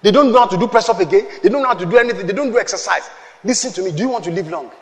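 A man, preaching a sermon with emphatic, shouted peaks and call-and-response with the congregation. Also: sits high, expressive, rapid-fire, in a large hall. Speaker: pastor.

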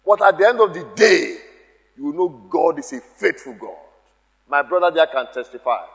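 High-voiced man preaching in an echoey hall. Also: sing-song, moderate pace, gravelly. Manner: emphatic, repeats key phrases, calls out to the congregation. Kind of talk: sermon.

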